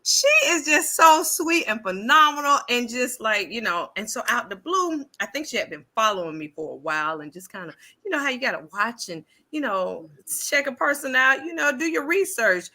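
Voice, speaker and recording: Woman, bright high voice, bouncy pitch, animated storyteller who acts out every quote. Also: moderate pace. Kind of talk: casual chat.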